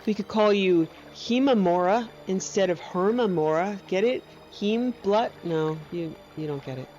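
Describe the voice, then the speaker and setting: Soft music plays behind a woman's mid-range, darkish voice, delivered at a measured pace over dull audio. She's a gameplay streamer giving lighthearted commentary, cooing in baby talk at her companion and tossing in self-mocking jokes and teasing asides.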